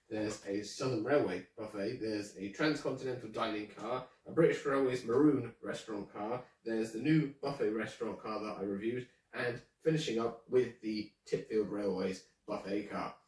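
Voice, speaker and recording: A man's voice: lowish voice, normal speed, darkish tone, reverberant, distant mic, rough recording. A man presenting his model railway in a casual show-and-tell, chatty and hesitant, with many ums. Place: indoor room with a model railway layout.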